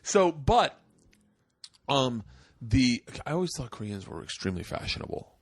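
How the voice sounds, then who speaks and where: Lively, profane man in his forties. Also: medium pitch, normal speed, dry recording, studio quality. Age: 40s. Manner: animated, profane storyteller. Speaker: podcast host. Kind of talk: casual podcast chat.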